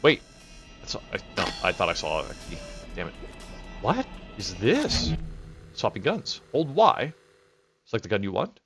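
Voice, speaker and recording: A man's voice: on the low side, wildly swooping pitch, unhurried, long pauses, a bit bright, faint music behind. A man streaming a game live, rambling and swearing as he reacts and chats with viewers. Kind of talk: casual live gameplay commentary.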